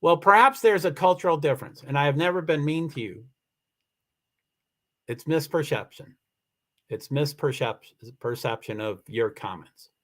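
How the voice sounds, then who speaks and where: A man with a slightly higher voice hosts a casual livestream over a computer mic. He rambles and restarts his sentences as he answers viewer comments, upset and close to tears. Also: expressive, moderate pace, fairly bright tone. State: emotional, near tears. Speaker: livestream host. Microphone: computer mic for a live stream.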